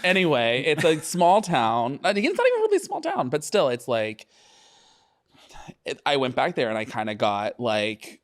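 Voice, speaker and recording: Young co-host, mid-pitched, wry, dry teasing humor. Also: male voice, huge pitch swings, normal speed. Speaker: podcast co-host. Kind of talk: casual chat.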